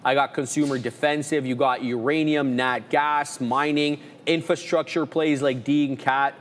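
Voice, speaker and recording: A man's voice: medium pitch, normal speed, long reverb tail, slight background noise. A man co-hosting a live trading show, casually rambling through his watch list. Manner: relaxed, rambling, lists stock names.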